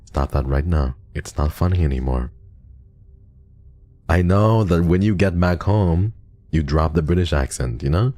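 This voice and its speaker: A young man streaming and reading donations in a casual chat, soft and affectionate, sometimes teasing his viewers. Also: low voice, expressive, moderate pace, no echo.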